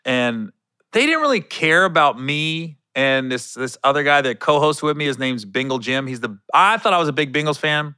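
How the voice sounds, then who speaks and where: A man tells a long story in casual, animated chat, often stopping to correct himself. His voice is bright and crisp, slightly higher than most men's, and it is recorded close and dry. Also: moderate pace, no room sound.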